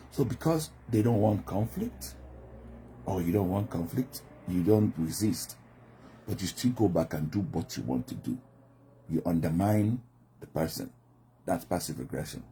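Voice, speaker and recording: A man's voice: deep voice, dark tone, slight background noise. A man from Nigeria giving a reflective monologue about communication styles, often acting out quoted voices. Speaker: commentator.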